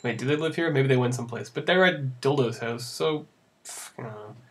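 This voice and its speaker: A man's voice: medium pitch, fast, fairly bright tone. A young man commenting sarcastically over a visual novel he plays, rambling and laughing at it. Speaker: let's play host. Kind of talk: casual gameplay commentary.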